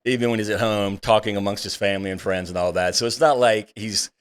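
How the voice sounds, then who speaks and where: A man with a lowish voice talks in an easygoing, agreeable way during a casual studio podcast. He explains his view calmly and goes along with his co-host. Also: quick pace, clear, resonant tone. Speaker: podcast guest. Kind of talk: casual chat.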